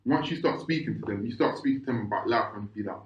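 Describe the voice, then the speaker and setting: A man's voice: fairly low pitch, fast. A man, co-hosting a podcast in casual chat, rambling with many restarts and checking if you understand. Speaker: podcast co-host. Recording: echoey room, slightly muffled sound.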